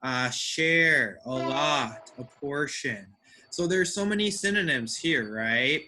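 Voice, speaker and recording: A man's voice: mid-range voice, expressive, slow, bright, forceful tone, slight background noise. A man teaching an English class, who checks understanding with frequent "right?" and repeats words to drill their stress.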